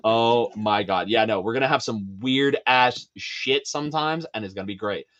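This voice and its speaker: A man as a podcast guest in casual chat, animated and profane, laughing often. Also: fairly low pitch, normal speed, dull audio.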